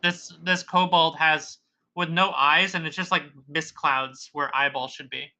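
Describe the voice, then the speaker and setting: A casual game master narrating a fantasy scene in a very bright, clear voice. They ramble and restart, searching for the right words. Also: mid-range voice, fairly even intonation, unhurried. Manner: casual and rambling, with many fillers.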